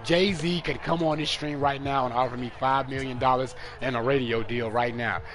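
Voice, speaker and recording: A young man streaming a football video game live, trash-talking and commentating, dropping to mutters and jumping up to yells. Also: medium pitch, steady tone, moderate pace. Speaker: gaming streamer.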